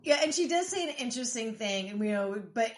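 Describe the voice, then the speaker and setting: A woman's voice: a little high, lively intonation, fast. A woman co-hosting a podcast, chatting casually about a TV episode, often trailing off and restarting her sentences. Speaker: podcast co-host. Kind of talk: casual chat recapping a TV episode.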